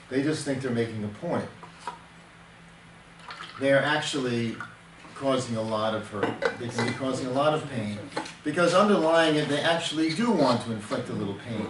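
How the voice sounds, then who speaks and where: An older temperament counselor gives an earnest teaching talk during a counseling session, explaining with everyday examples and restarting often. His pitch is medium, and he is heard through a distant mic in an echoey room with faint noise.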